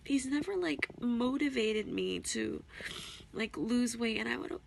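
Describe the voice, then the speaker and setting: A young woman talking straight to her camera in an emotional confessional vlog, tearful and halting, repeating herself and sighing. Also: a little high, expressive, gravelly, a little hiss or hum. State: tearful, on the verge of crying. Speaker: vlogger. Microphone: camera mic.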